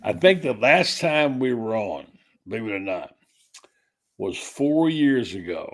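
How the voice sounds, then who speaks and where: A man's voice: mid-range voice, very animated, a little slow, fairly bright tone. A male host of a sports talk show who opens the night and chats with a guest. His talk is loose and rambling, and he pokes fun at his own wrong picks. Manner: chatty, rambling, self-deprecating.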